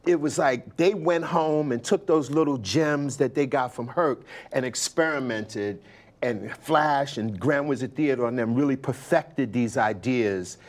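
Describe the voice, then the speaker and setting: An older man from New York, a guest telling stories in a relaxed conversation, animated and quoting others with lively bursts. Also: medium pitch, unhurried. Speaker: interview guest, hip hop pioneer. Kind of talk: conversational storytelling.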